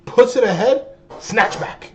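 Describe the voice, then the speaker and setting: A man in his twenties telling a story to his viewers in a casual, animated way, full of slang and exaggeration. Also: high-pitched, measured pace, lo-fi sound, a little hiss or hum. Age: 20s. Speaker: streamer.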